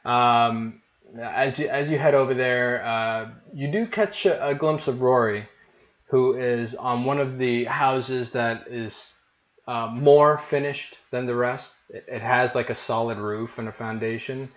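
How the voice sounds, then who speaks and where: A man's voice: medium pitch, a little slow, lo-fi sound. A man narrating as game master of a tabletop game, in a casual, hesitant way with many fillers.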